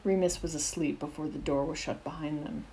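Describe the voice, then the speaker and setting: A woman narrating fan fiction aloud in a steady, expressive storytelling voice. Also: low voice, fairly quick, slight background noise, rough recording.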